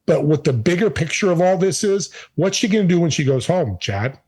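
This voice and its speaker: An energetic man speaks as an interview guest, pressing his points hard with emphatic delivery. His voice sits on the high side for a man. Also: a little fast, hardly any pauses, husky, rough recording. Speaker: podcast host and guest. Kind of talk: casual interview storytelling.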